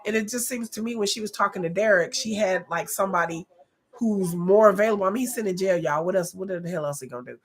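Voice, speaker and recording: A woman hosts a reaction video, commenting in a casual, animated, and blunt way with frequent exclamations and laughter. Her voice is medium-pitched, fast, and husky.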